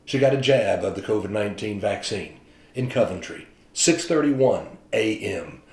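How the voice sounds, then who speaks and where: A man's voice: on the low side, moderate pace, roomy sound. A man, a pastor, telling stories in a casual, chatty devotional talk. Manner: chatty storytelling, animated retelling.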